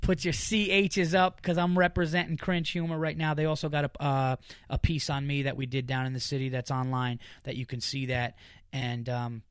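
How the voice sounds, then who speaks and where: Man, podcast host, casual chat, excited, rambling with fillers, mid pitch, dry close sound. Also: a little fast, few pauses, clean tone, no echo.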